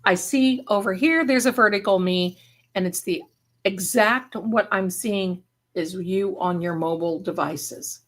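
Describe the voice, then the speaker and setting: A woman who is a livestream host and spiritual reader reads viewers' chat aloud and showers them with endearments. Her mid-range, fairly bright voice moves at a measured pace, and her effusive rambling often breaks off mid-thought.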